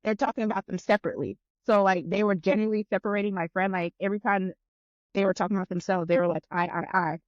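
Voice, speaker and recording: A woman chatting on a podcast, telling a long story with lots of swearing and acting out both sides of the conversation. Her voice sits at a middling pitch. The sound is dry and a little dull, as if recorded close on a modest mic. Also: fast, no echo. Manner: animated, profane, acts out both sides of conversations. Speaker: podcast guest. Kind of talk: casual storytelling chat.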